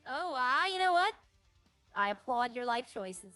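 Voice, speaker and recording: A woman's voice: high voice, lively intonation, a little slow, sharp tone, dry recording, soft background music. A woman streaming a roleplay game, rambling to herself as she plays and chatting in character. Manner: rambling, talks to herself while playing.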